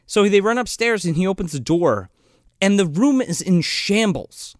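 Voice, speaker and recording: A man's voice: high-pitched, moderate pace, dry recording, clean studio sound. A man co-hosting a casual movie review podcast, retelling scenes with lots of swearing and quoted lines. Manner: profane, animated retelling of scenes with quoted voices. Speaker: podcast co-host.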